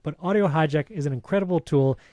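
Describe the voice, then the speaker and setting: A man from a Hispanic background co-hosting a tech podcast speaks in a voice on the high side with a darkish tone, in a dry recording. He chats casually and reads a sponsor spot enthusiastically, adding quick asides.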